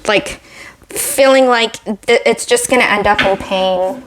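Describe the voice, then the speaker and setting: A woman's voice: medium pitch, unhurried, fairly bright tone. A woman giving a casual tarot reading, slightly out of breath, rambling with lots of "like" and restarts. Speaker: tarot reader.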